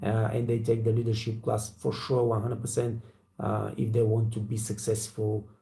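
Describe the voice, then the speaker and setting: Gravelly blunt man. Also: lowish voice, completely flat delivery, moderate pace, mellow. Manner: blunt, profane, storytelling with acted quotes. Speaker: waiter trainer and channel host. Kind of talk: casual motivational talk to camera.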